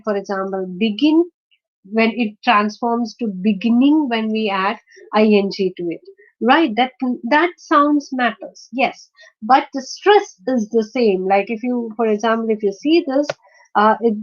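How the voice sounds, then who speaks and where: Female teacher, lesson delivery, patient step-by-step explaining with fillers; slightly high voice, dull lo-fi recording. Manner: explains step by step with many fillers and checking questions. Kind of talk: online lesson on word stress.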